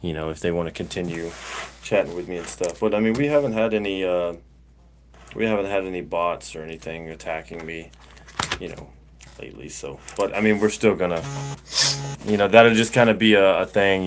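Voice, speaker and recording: A middle-aged man talks casually on his livestream. His voice sits a little low. He rambles, circling back with plenty of "uh" and "you know.". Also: normal speed, long pauses, a little hiss or hum. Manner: rambling storyteller, many fillers and restarts. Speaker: livestream host.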